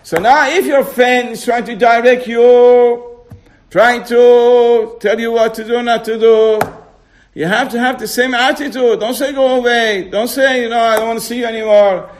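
A man teaching an informal religious class. He keeps quizzing his listeners with questions and slows down to stress key words. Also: very high voice, fairly even intonation, slight background noise.

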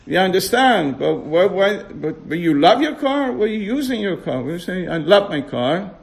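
Guy w a high voice teaching a religious class, keeps asking the room questions, drags out key words. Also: sing-song, moderate pace, creaky. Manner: keeps quizzing listeners with rhetorical questions.

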